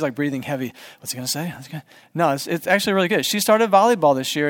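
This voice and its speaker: Man, forties, pastor, high voice, chatty sermon, asks the room questions. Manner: conversational, asks the congregation questions. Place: church.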